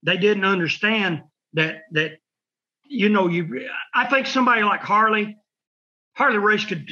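A man's voice: sits high, sharp tone, muffled recording. A man telling rambling stories in casual chat, acting out voices and sound effects. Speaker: wrestling podcast host telling stories.

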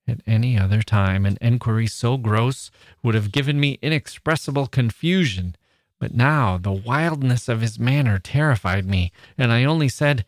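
A podcast host, a man, reading a passage from an old novel in a measured, expressive way. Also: mid-range voice, dry recording, studio quality.

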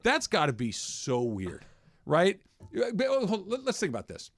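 A man's voice: high-pitched, huge pitch swings, moderate pace, dry recording. A man hosting a sports talk radio show, chatting casually and reading out daily trivia. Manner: chatty, reads daily trivia, rambles with restarts.

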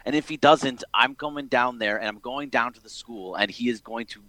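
Bright-toned emphatic male co-host. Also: mid-range voice, moderate pace, no echo. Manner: emphatic, blunt reactions. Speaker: radio co-host. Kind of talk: sports radio talk.

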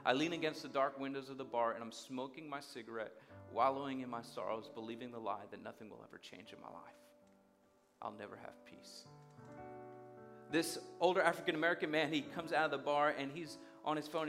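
A man's voice: medium pitch, a bit bright. Storytelling man preaching over music. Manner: vivid storyteller acting out dialogue. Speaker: guest speaker. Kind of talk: sermon storytelling.

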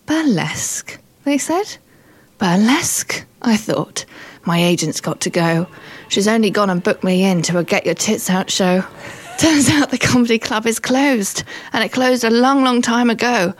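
A woman's voice: on the high side, expressive, a little slow. A woman stand-up comedian chatting on radio, wry and self-deprecating. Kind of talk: casual radio chat.

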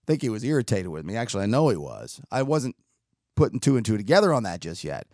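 A young man tells a story in a rambling, self-mocking way, his voice rough and gravelly and his pitch rising and falling widely. He sits a little higher than most men. The recording is close and dry, with no room sound. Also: quick pace, no echo. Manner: animated, self-mocking, acts out quoted dialogue; rambling with frequent restarts and fillers. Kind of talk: casual monologue telling a personal story.

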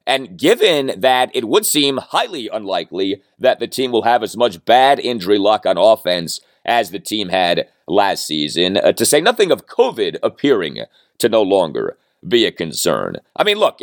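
A man's voice: medium pitch, dry recording, studio quality. A man hosting a sports podcast, giving an emphatic analytical monologue and asking listeners rhetorical questions. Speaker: podcast host.

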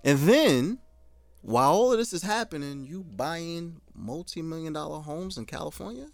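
A man's voice: a little high, lively intonation, moderate pace, gravelly, no room sound, soft background music. A man co-hosting a casual chat, blunt and indignant, swearing for emphasis.

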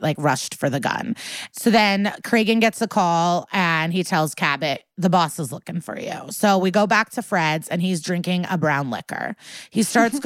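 Podcast co-host, woman, low pitch, dry close-mic sound, animated casual recapper. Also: no room sound. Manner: animated, acts out quotes with swearing and laughs. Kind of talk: casual chat, episode recap.

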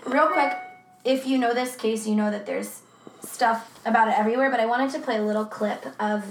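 Woman true crime co-host, higher voice, loose and profane, roomy sound. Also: fairly even intonation, a little fast, a little hiss or hum. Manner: casual, laughing, swears freely. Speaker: podcast co-host. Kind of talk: true crime podcast chat.

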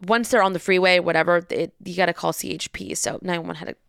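A young woman telling a story in a lively, casual way, acting out the people in it and swearing freely. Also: lowish voice, fast talker, vocal fry, clear, resonant tone, no room sound, clean studio sound. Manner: animated, acts out voices, swears freely.

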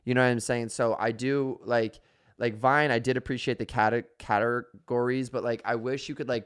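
A man in casual podcast chat, animated and rambling, full of fillers. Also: mid-range voice, smooth. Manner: animated, rambling, filler-heavy, says bro.

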